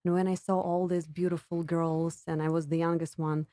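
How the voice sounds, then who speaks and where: A woman's voice: lowish voice, level tone, moderate pace, mellow, no room sound. A woman from Russia with a Russian accent, chatting as a podcast guest about her career. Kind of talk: casual interview chat.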